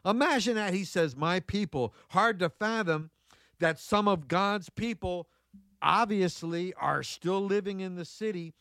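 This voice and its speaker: A man's voice: sits high, a little slow, a bit bright, no echo. A man preaching a sermon, reading Bible verses and breaking into folksy, conversational asides with exclamations, repeating key phrases for emphasis.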